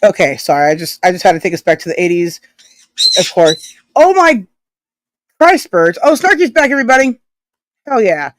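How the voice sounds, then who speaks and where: A woman's voice: lowish voice, sing-song, normal speed, long pauses. A woman live streamer chatting casually and reading out chat messages, rambling, swearing freely and breaking into giggles often.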